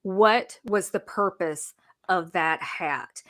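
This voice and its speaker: A middle-aged woman with a Southern American accent, co-hosting a podcast in casual, animated chat, laughing and exclaiming often. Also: fairly low pitch, slow. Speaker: podcast co-host.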